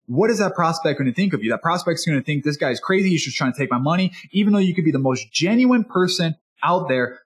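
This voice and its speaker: Man, speaking coach, enthusiastic, animated, fairly high voice, motivational teaching tone. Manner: energetic and enthusiastic, animated delivery; acts out customer and salesperson dialogue. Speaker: speaking coach and podcast host.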